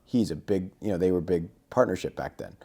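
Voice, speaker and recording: Deep-voiced guy on a podcast, spinning a story, doing everybody's lines. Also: brisk, breathy edge. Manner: lively anecdote-telling, acting out quoted dialogue. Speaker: podcast guest. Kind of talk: casual storytelling.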